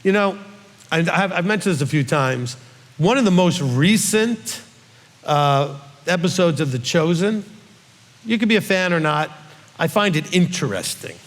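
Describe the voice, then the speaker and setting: A man's voice: fairly high pitch, expressive, a little slow, long reverb tail. A male rabbi reading scripture aloud and teaching from it, in a conversational way that puts questions to his listeners.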